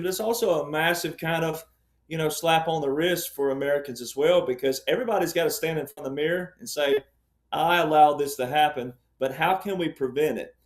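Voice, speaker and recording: A man's voice: on the high side, reverberant. A man speaking as a panel guest, explaining his point emphatically and repeating key ideas like a lecturer.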